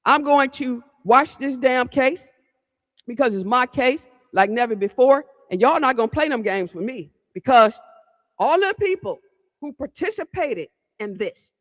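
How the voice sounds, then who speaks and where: A woman's voice: a little high, expressive, unhurried. A woman host from the Cleveland area, telling a story on her podcast in a blunt, fired-up way, swearing, repeating herself and talking straight to her listeners. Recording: long hall-like reverb.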